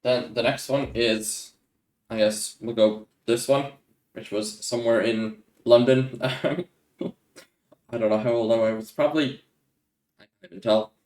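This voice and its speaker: A man's voice: medium pitch, fairly even intonation, a little slow, long pauses, a little mellow. A young man chatting casually through viewer questions, rambling and laid-back, easily amused. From Ireland. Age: young adult. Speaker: YouTuber answering viewer questions. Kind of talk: casual Q&A chat. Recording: echoey room.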